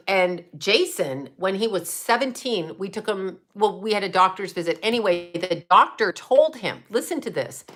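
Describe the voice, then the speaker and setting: Blunt, cussing middle-aged woman from Canada, host of a chatty livestream, bright forceful tone. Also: mid-range voice. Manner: blunt, profane, fast-shifting rant with laughs. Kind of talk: casual livestream rant.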